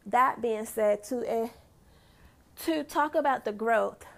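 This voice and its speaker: A woman in her thirties talking casually on her own podcast, chatty and quick to give shout-outs and laugh. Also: fairly high pitch, vocal fry. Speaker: lash business owner and podcast host. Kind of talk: casual solo podcast talk.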